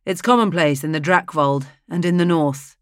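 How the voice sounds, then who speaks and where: Old man from the north, grave, slow, steady, dry close recording, read by a narrator. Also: fairly high pitch, no room sound, lightly acted. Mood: solemn.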